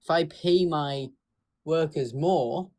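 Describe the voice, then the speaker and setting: A man calmly debating in a casual chat, earnest and a bit halting. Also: on the high side. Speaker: guest debater.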